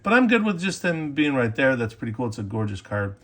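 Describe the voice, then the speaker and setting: A man hosting a casual show-and-tell video about collectible cards, chatty and enthusiastic, with fillers and quick self-corrections. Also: mid-range voice, big pitch swings. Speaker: sports card collector and video host.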